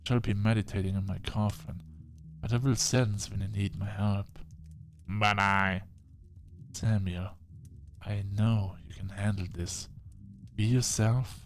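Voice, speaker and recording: Old vampire mentor guy, calm and dry, kinda low voice, man doing it. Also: a little hiss or hum, close to an everyday voice. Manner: measured, dryly encouraging.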